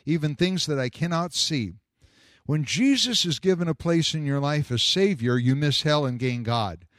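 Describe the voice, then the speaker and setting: Lively, animated man preaching a sermon. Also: a little high, dry recording, studio quality. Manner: animated, acts out imagined speakers, jokes.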